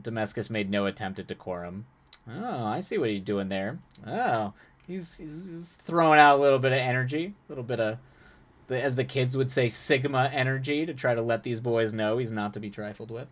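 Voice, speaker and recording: A man's voice: mid-range voice, animated, a little fast. A young man reading a viewer's story aloud on a live stream, breaking off to chat about the writing in a loose, rambling way. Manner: chatty, frequent restarts and laughs between passages.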